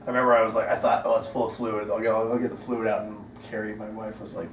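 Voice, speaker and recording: A man's voice: lowish voice, level tone, fast, noisy background. Guy rambling thru a goofy self-deprecating story, mic kinda far off, echoey convention room. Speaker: actor guest. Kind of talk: casual interview storytelling. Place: convention venue. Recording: roomy echo, distant mic, faint ambience.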